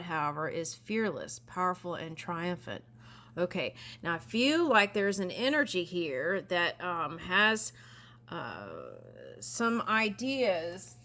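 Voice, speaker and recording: A woman's voice: medium pitch, a bit bright. A woman giving a casual spiritual card reading, reading passages aloud and chatting about them with frequent little asides. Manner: chatty, reads aloud then comments, giggly asides. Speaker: tarot reader.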